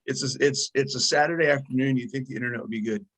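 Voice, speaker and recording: A host asking questions on a video call, quick with short encouraging responses and light about connection glitches. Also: medium pitch, fairly bright tone, slightly rough. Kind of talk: casual conversational interview.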